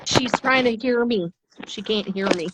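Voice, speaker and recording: A woman's voice: on the high side, moderate pace, noisy background. An easygoing woman co-hosting a casual livestream over a video call. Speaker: livestream co-host.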